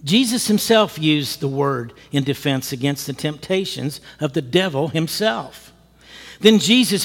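A male pastor telling a story in a sermon, lively and animated, acting out what people said and chuckling as he goes. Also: a little high, in a large hall. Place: church.

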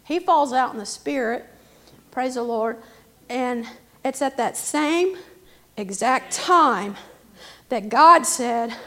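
A woman's voice: a little high, slow, pauses often. A woman preaching a testimony sermon, fervent, breaking into amens and hallelujahs. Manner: fervent, rising to shouted praise, interjecting amen and hallelujah.

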